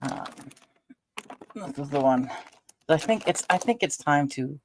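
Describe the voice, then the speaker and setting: A woman's voice: low voice, expressive, unhurried, slight background noise. An older woman chatting casually on her vlog at home, rambling with lots of fillers. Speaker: vlogger. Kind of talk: casual chat.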